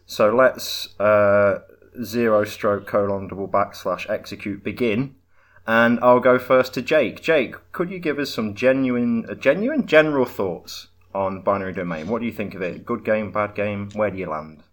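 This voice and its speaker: A man's voice: lowish voice, lively intonation, normal speed, hardly any pauses. A man hosting a podcast in casual chat, playful and jokey. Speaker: podcast host.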